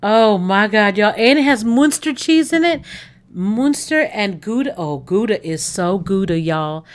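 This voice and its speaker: A woman hosting a casual livestream, chatting excitedly. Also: mid-range voice, unhurried. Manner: excitable, gushing, talks to viewers. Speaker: livestream host.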